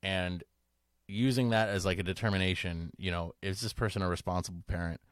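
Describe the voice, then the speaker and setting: Low-voiced casual podcast host. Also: male voice, fairly even intonation, a little fast, clean tone, dry recording, clean studio sound. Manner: rambling, restarts, lots of "like". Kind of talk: casual discussion.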